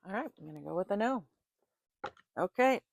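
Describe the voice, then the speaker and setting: A woman's voice: medium pitch, lively intonation, a little fast, creaky, no echo. A woman in casual chat who reads tarot cards, talking chattily and laughing often between remarks. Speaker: tarot reader.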